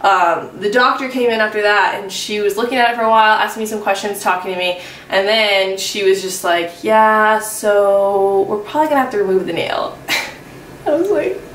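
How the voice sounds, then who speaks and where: A woman's voice: mid-range voice, moderate pace, fairly bright tone, reverberant, distant mic. Woman, 20s, vlogger doing a chatty storytime, fillers everywhere, faint room hum behind. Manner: rambling, filler-heavy, self-mocking. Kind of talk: casual storytime.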